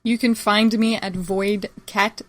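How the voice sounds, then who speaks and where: A woman on a casual podcast panel, chatty and quick to agree and laugh. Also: medium pitch, fairly even intonation, a bit bright.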